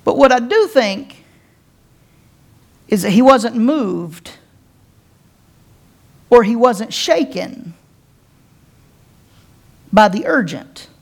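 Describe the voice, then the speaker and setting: High-voiced woman preaching with dramatic pauses. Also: expressive, vocal fry. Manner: dramatic preaching with slow emphatic pauses, addressing the congregation directly; folksy and playful, with casual slang. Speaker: pastor. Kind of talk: sermon.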